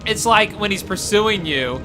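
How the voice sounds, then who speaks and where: A man's voice: sits high, lively intonation, unhurried. A man hosting a casual livestream over gameplay, rambling with many fillers and restarts. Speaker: gaming channel host. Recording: game music playing behind the voice. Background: game soundtrack music.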